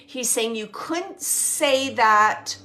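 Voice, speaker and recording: A woman medium speaks slowly with a bright, forward voice. She relays messages gently and with feeling, pausing often between thoughts. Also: on the high side, expressive. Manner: slow, emotional, relaying spirit messages. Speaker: psychic medium. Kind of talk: livestreamed spirit reading.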